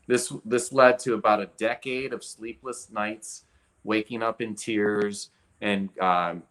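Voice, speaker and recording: A man in his forties speaks as an interview guest in a fairly low voice. He tells his own story with energy and demonstrates the movements with his arm and hand. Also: a bit bright. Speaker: guest expert.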